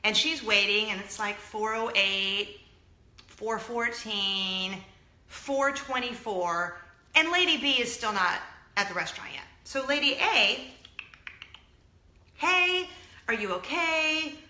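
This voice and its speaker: A woman hosting a casual vlog, telling a story in an animated, chatty way. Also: mid-range voice, unhurried. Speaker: host. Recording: echoey room.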